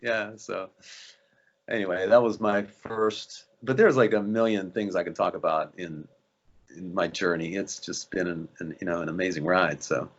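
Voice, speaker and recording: A man's voice: low-pitched, normal speed, highs cut off. A man, an actor guest, telling anecdotes in a casual interview and acting out the voices of people he quotes. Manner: animated, acts out quoted voices.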